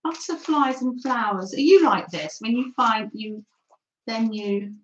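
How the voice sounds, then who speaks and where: A woman's voice: a little high, unhurried, muffled recording. A woman hosting a live mixed-media art demo, chatting and thinking aloud as she paints and reading out viewers' comments. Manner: reads out and thanks viewers' comments. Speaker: craft livestream host.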